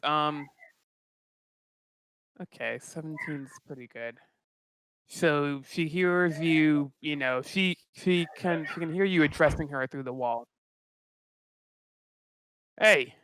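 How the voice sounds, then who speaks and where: Clear-voiced man running a tabletop game. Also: on the high side, a bit bright, no room sound. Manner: halting narration with many fillers. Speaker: game master.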